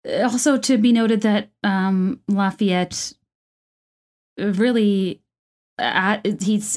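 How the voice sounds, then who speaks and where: A video creator talks about a musical in a medium-pitched, darkish voice. She's at home, chatting casually and enthusiastically, with lots of fillers and restarts in her commentary.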